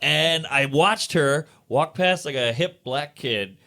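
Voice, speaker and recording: A man co-hosting a casual podcast, tossing in quick wisecracks and side stories. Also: on the high side, pushed and bright.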